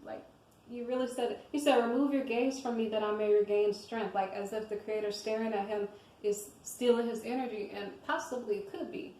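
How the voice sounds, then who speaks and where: A woman with a fairly high voice gives casual devotional commentary on scripture. She talks in a loose, rambling way and keeps checking in with her listeners as she goes. The recording has the roomy echo of a bare room. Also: steady tone, fairly quick, warm tone, slight background noise.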